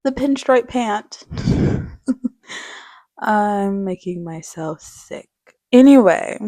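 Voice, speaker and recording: A woman's voice: lowish voice, darkish tone, dry recording, clean studio sound. A young woman vlogger gushing dramatically over office outfits and shoes in casual, slangy chat. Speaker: fashion vlogger. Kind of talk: casual product showcase.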